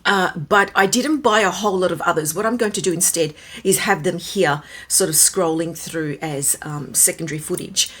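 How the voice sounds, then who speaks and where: Woman, hoarse and husky with a cold, casual handbag vlogger who wonders aloud. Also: lowish voice, moderate pace, few pauses, fairly bright tone. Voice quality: raspy. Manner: chatty, musing, wondering aloud. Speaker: handbag reviewer. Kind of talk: casual vlog chat.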